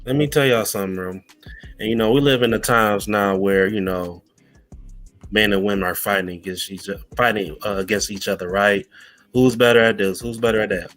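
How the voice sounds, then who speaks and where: A man's voice: on the low side, steady tone, brisk, a bit bright, faint music behind. A man on a podcast panel giving earnest, slangy opinions in casual chat.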